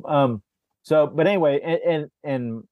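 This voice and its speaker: A man in casual podcast chat, retelling a film's plot scene by scene and slipping into quick impressions of the characters. His speech is full of restarts and repeated words. The sound is dry and close, with no room behind him. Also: on the high side, no room sound, phone-quality sound. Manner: rambling recap, acts out character lines, frequent restarts. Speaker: podcast host. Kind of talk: casual movie discussion.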